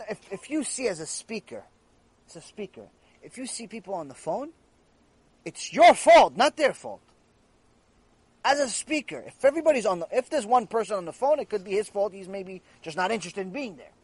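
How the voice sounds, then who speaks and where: A man's voice: sits high, no room sound. A man teaching a Torah lecture, telling stories and asking rhetorical questions, repeating phrases for emphasis. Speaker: rabbi teaching a lecture series.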